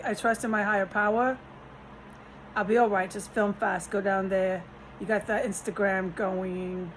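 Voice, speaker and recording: Agitated, cursing woman with a gravelly voice. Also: mid-range voice, slight background noise, poor audio. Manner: agitated, profane, trailing off and restarting. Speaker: vlogger. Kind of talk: rambling frustrated monologue. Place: rented room in a house.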